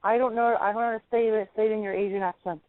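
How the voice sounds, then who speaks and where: A man co-hosting a casual wrestling radio show, eager and quick to rattle off names. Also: high-pitched, fairly even intonation, smooth, no room sound. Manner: quick, eager, listing names off the top of his head. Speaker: podcast co-host. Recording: tinny phone-line audio, dry.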